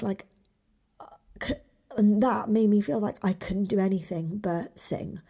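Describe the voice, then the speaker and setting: A woman in her twenties hosting a solo podcast, talking openly and from the heart, with restarts and soft whispered asides. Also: mid-range voice, fairly even intonation, a little slow, creaky, pauses often, husky. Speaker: podcast host, small business owner. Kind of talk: candid solo podcast talk.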